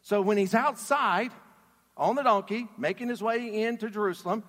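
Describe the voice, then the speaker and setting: A man preaching a sermon in an animated, emphatic way, putting questions to his audience. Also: high-pitched, moderate pace. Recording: reverberant hall.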